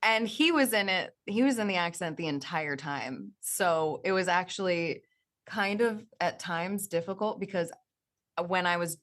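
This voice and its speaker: A young adult woman answering interview questions as an actress, enthusiastic and animated. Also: fairly low pitch, unhurried. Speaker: actress guest.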